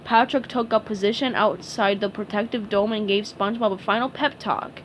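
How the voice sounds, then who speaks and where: A woman narrating a storybook aloud at a slow, measured pace. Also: medium pitch, fairly even intonation, lo-fi sound, slight background noise. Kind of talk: storybook reading.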